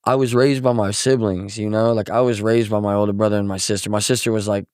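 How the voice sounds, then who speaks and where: Young male guest from Missouri, casual storyteller, rambling and profane, lowish voice, dry close sound. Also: fairly even intonation, quick pace, darkish tone, clear, resonant tone, no room sound. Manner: rambling, profane, many filler words. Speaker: guest musician.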